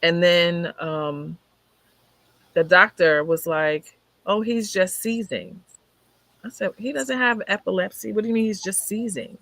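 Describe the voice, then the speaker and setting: A woman's voice: on the low side, unhurried, fairly bright tone, no echo. A woman telling a personal story in a conversation, acting out what people said as she goes. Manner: vivid retelling, acting out what others said. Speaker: guest sharing her life story. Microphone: video call.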